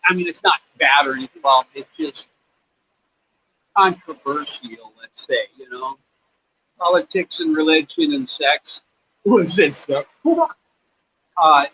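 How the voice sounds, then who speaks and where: A man's voice: sits high, bright, forceful tone, slightly rough. A man from the United States hosting a casual livestream, answering viewer questions in a rambling, laid-back way with lots of fillers. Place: his home in Cambodia. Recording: slightly dull sound, faint background noise.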